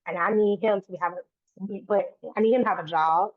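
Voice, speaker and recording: A woman's voice: medium pitch, normal speed, no echo. A woman guest on an interview, talking earnestly in long run-on sentences that often restart. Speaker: guest, autism advocate. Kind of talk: conversational interview. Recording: dry, tinny phone-like line.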